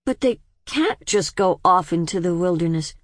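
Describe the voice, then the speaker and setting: A woman's voice: on the low side, animated, normal speed, no echo, studio quality, natural voice. A woman voicing a curious, defiant young woman of twenty who keeps asking pointed questions. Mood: probing.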